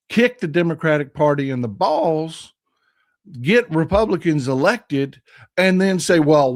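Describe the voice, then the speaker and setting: A hoarse man hosting a live political stream, his strained voice sitting a little high. He talks with fervent repetition, speaking straight to the people in his chat. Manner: impassioned, repetitive, addresses the chat directly. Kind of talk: casual political talk.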